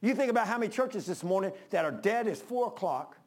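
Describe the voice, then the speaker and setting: Older pastor, high voice, fervent sermon delivery with swings from loud pleas to quiet asides. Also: male voice, expressive, quick pace. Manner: impassioned preaching, rises then drops low.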